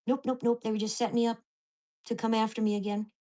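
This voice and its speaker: A woman vlogger ranting to the camera, with profane, fast-shifting storytelling and an exasperated, indignant tone. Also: on the high side, little pitch movement, mellow. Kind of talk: angry rant to camera.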